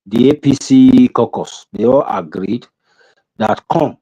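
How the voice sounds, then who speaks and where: A man's voice: fairly low pitch, mellow, slightly rough, dry recording, lo-fi sound. A Nigerian man making emphatic points in an online political discussion, cutting in to hold the floor. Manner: emphatic, interrupts. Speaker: panelist. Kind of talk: heated political debate.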